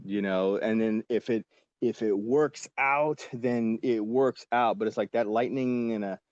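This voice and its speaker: A man in his forties, a guest actor on a podcast, telling a casual and lively story with lots of fillers and the odd swear word. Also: lowish voice, measured pace, no echo, lo-fi sound.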